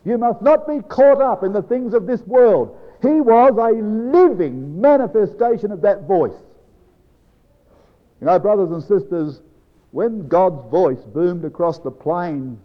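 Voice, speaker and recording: A man preaching a Bible exposition to a congregation, slow and emphatic, dropping low and soft on key phrases. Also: expressive. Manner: addresses congregation as brethren and sisters. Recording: dull lo-fi recording with long hall reverb.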